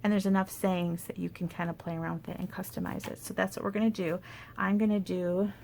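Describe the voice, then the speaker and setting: A woman demonstrating paper crafts in a casual tutorial, chatty and thinking aloud with soft asides under her breath. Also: fairly low pitch, level tone, fast talker, creaky, slight background noise.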